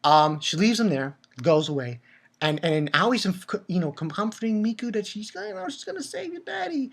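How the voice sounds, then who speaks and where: Excitable man recapping an anime episode. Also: high voice, a little fast, creaky. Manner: excitable and profane, with stumbling repeated words. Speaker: anime reviewer.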